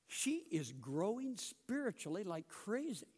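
A middle-aged man teaching a Bible class in a church building, telling stories and questioning the class in a lively way. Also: on the high side, normal speed, creaky, in a large hall.

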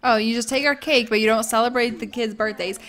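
A woman's voice: fairly high pitch, fairly even intonation, fairly quick, a bit bright. A young woman giving casual, bubbly let's-play commentary, gushing and chatting with her viewers and characters. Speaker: gaming YouTuber.

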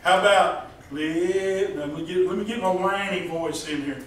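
High-voiced man, folksy preaching, jokey questions to the pews, echoey church hall, distant mic. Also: unhurried, slight background noise. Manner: joking, asks the congregation questions. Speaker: pastor. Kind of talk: folksy sermon.

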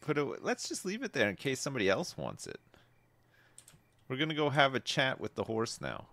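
A man giving casual, wry commentary while playing a life-sim game, laughing often and swinging between amused outbursts and low mutters. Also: huge pitch swings, fairly quick, vocal fry, fairly bright tone, no room sound.

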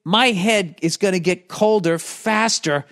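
A man's voice: high voice, a little slow, fairly bright tone. Profane ranting male comedian. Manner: profane, exasperated storytelling; rambling with restarts. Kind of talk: casual rant.

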